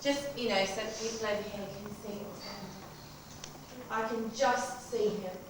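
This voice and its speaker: A woman directing a rehearsal, explaining stage positions patiently and slowly. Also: medium pitch, fairly even intonation, far from the mic. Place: rehearsal hall. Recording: echoey hall recorded from afar, noisy.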